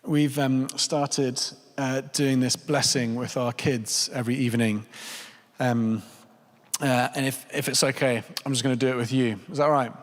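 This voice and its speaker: A man's voice: mid-range voice, steady tone, moderate pace. Earnest male preacher in a reverberant church. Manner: earnest, pleading, repeats phrases for emphasis. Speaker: pastor. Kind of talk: sermon.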